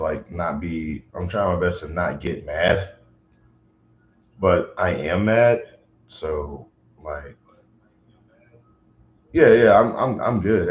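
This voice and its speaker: A man chats casually on a livestream, his voice sitting low as he rambles agitatedly with plenty of fillers. Slight background noise comes through the roomy, dull lo-fi recording.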